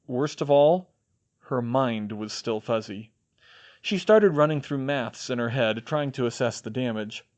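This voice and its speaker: A man narrating a fan fiction audiobook in an expressive reading voice. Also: medium pitch. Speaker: audiobook reader.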